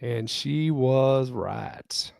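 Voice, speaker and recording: A man reads a steamy romance story aloud on a podcast, taking his time over every phrase. His voice sits at a middle pitch, and the close microphone leaves it dry, without any room around it. Now and then he breaks off to crack a joke. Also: creaky, a little mellow, dry recording. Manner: deliberate reader who breaks off to joke. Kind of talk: reading spicy fiction aloud with joking asides.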